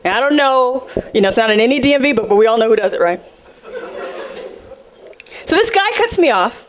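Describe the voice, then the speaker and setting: Sassy high-voiced woman doing stand-up. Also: fairly quick. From South Central Los Angeles. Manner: sassy, animated, acts out characters. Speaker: stand-up comedian. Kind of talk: stand-up comedy set. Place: comedy club stage with audience. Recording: live club, loud crowd laughter. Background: audience laughing.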